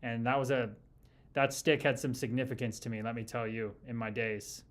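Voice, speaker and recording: A man's voice: medium pitch, steady tone, moderate pace. Profane, easygoing man in his early thirties. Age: early 30s. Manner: profane, loose and enthusiastic, calls people brother. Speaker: podcast host reading live chat. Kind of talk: casual livestream chat.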